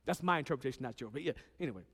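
A man preaching a sermon, swinging from loud, emphatic lines to quiet ones and acting out Bible characters. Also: medium pitch, animated, very fast, vocal fry, husky, in a large hall.

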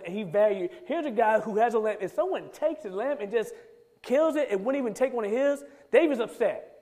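Guy preaching a sermon, kinda high voice, big echoey church sound, gets loud and pleading. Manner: preaching, reads scripture aloud and rises into emphatic pleading. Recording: long hall reverb.

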